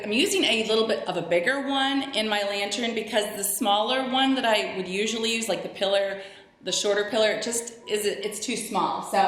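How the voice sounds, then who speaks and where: A woman chatting upbeat to her viewers as she decorates her home, talking them through each step. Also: medium pitch. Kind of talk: casual decorating tutorial narration. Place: her home living room. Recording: very echoey room with soft background music.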